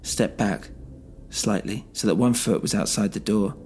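A man narrating a story in the first person, measured and low-key. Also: darkish tone, slight background noise. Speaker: narrator and host.

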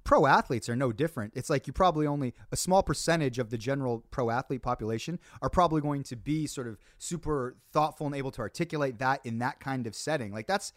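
A man in casual podcast chat, animated and expressive. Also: medium pitch, fast talker, hardly any pauses, no room sound, clean studio sound.

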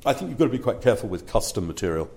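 A man's voice: lowish voice, sing-song, racing, darkish tone. A man working as a speaker agent, talking casually in an interview and checking in with "yeah?" between fillers.

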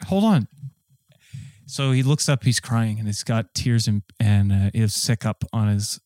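A man's voice: fairly low pitch, darkish tone, no room sound, clean studio sound. Flustered man fumbling a joke. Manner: halting, restarts, flustered. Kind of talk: casual banter, fumbling through a joke.

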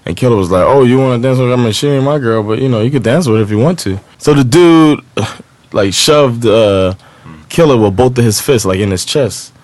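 A man's voice: mid-range voice, animated, moderate pace, darkish tone, dry recording. A man on a podcast telling a rowdy story in casual, profane chat, laughing as he goes. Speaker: podcast co-host.

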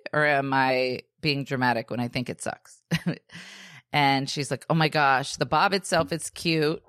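A woman in her thirties, a podcast co-host, telling a story in casual chat, animated and acting out the voices of the people she quotes, with lots of "like" and "dude". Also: very deep voice, dry recording, clean studio sound.

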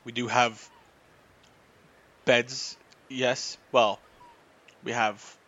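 A man playing a male Triton from the deep sea in a tabletop game, curt and matter-of-fact. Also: flat delivery, very slow, pushed and bright, full character voice. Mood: eager. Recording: dull lo-fi sound.

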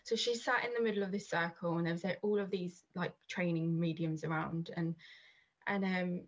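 Husky woman, 30s, low voice, rambly chatty guest, lots of ums and restarts, muffled lo-fi sound. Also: steady tone, moderate pace. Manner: rambling, many restarts and fillers. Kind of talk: casual podcast chat.

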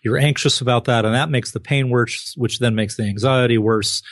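A man answering as a guest expert in an interview, explaining clearly and acting out short examples with exclamations. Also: medium pitch, moderate pace, no room sound, studio quality. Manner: lively, acts out examples with exclamations.

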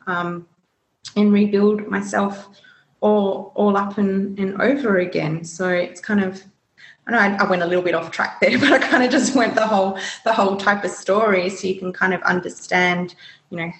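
A woman's voice: mid-range voice, a bit bright, roomy sound, rough recording. A woman recounting a personal story as an interview guest, rambling, full of "you know" and "um". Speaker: guest sharing her story.

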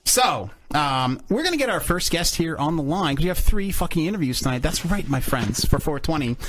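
A man hosting a crude chat show, loud, joking and swearing. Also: on the high side, big pitch swings, a little fast. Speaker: podcast host. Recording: noisy podcast audio.

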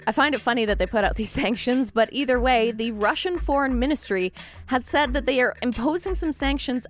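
A woman hosting a casual news podcast, reading the stories with wry, joking asides. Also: fairly high pitch. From Canada. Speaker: podcast host.

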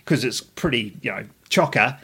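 A man in his fifties from New Zealand who co-hosts a casual podcast, with a mid-range voice. He tells long, rambling stories with frequent pauses and restarts. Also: medium pitch, slightly rough. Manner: relaxed, halting, rambling anecdotes. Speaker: podcast co-host. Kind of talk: casual chat.

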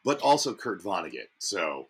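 A man with a very deep, husky voice gives dry, nerdy asides in a casual podcast chat, speaking in an even, explanatory way. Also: normal speed. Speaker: podcast co-host.

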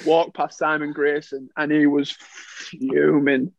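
A man's voice: fairly high pitch, steady tone, measured pace, creaky, darkish tone, no echo, highs cut off. A young man and former footballer telling stories in casual podcast chat, laughing often and acting out what people said. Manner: chatty storyteller, laughs often, acts out quoted lines.

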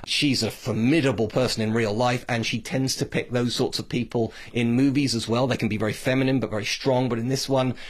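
A man's voice: medium pitch, steady tone, fairly quick, few pauses. A British man hosting a podcast, talking in a chatty, digressive, opinionated way. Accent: British English. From Britain. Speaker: podcast host. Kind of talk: casual podcast monologue.

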